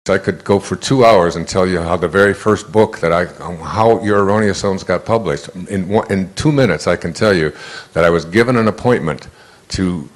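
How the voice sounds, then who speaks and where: Animated low-voiced man telling stories. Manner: conversational and animated, acts out quoted voices; frequent restarts and stammered repeats. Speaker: inspirational speaker. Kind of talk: motivational talk with personal stories.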